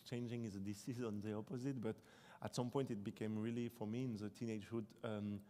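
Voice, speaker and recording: A young man from France, a native French speaker talking in English, giving a live stage interview in a debate hall, reflective and halting, often restarting his sentences. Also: on the low side, fairly even intonation, mellow. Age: 20s. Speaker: author being interviewed. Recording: reverberant hall.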